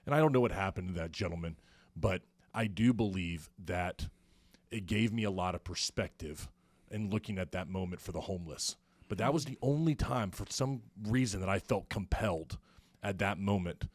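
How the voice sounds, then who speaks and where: A man's voice: low voice, normal speed, no echo. A man hosting an interview, telling a story in a reflective, earnest way. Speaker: podcast host. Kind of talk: conversational interview.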